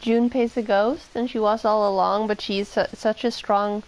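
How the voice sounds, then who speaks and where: A woman's voice: mid-range voice, fairly even intonation, moderate pace, low-quality recording. Casual woman streamer reading game text. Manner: casual, swears and muses aloud.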